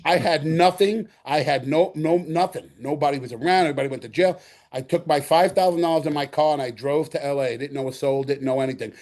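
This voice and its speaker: Animated middle-aged New York man telling stories. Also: a little high, quick pace. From the Bronx, New York. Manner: animated, acts out quotes, repeats himself. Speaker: guest actor. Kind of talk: storytelling interview.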